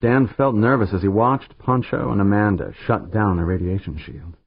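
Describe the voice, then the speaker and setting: A man narrates an audiobook in a low, husky voice that rises and falls freely. The sound is narrow and phone-like. There is no room echo at all. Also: normal speed. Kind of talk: scripted narration.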